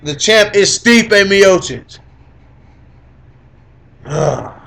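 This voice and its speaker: Gloating, teasing man with a higher voice. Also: very animated, drawn-out words, gravelly, fairly bright tone. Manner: teasing, boastful, repeats lines for emphasis, laughs a lot. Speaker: podcast co-host. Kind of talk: gloating casual MMA commentary.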